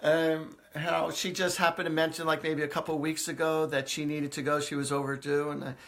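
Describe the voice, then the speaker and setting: A man's voice: a little high, level tone, brisk, fairly bright tone. Chatty guy on a live stream, lots of ums, keeps laughing, loose storytelling. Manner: chatty, laughs often, many fillers. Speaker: psychic medium hosting a live stream. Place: indoors, live video stream.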